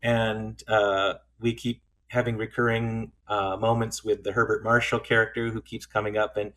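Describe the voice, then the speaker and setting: A man co-hosting a podcast, talking through a film in a thoughtful, halting way, often restarting his sentences. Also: on the low side, little pitch movement, fairly bright tone. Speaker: podcast co-host. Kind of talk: casual film discussion.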